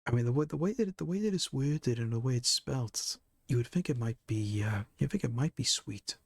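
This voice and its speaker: A man's voice: medium pitch, expressive, fairly quick, vocal fry, slightly rough, no room sound, clean studio sound. A man streaming live, chatting casually with viewers, joking and laughing often.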